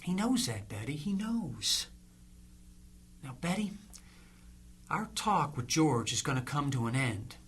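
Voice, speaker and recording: An actor playing a psychic medium in a radio play, speaking in a slow, coaxing, soothing way. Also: mid-range voice, big pitch swings, slight background noise.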